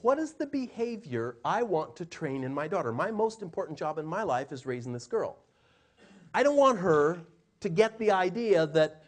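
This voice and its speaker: There's a high, moderately paced voice here: a middle-aged communication coach giving a lively in-person seminar to a room. He performs quoted lines by switching between different voices.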